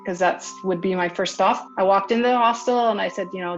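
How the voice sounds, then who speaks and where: A woman's voice: mid-range voice, quick pace, hardly any pauses, faint music behind. A woman recounting events in a casual interview, acting out what other people said as she goes. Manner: lively retelling, acts out other people's lines. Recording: dull lo-fi recording.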